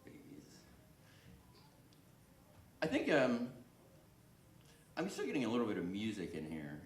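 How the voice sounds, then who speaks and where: A man's voice: fairly low pitch, huge pitch swings, measured pace, slight background noise. A man doing a stand-up comedy set on a club stage, self-deprecating and chatting with the crowd. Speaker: stand-up comic. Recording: echoey club room with faint background ambience.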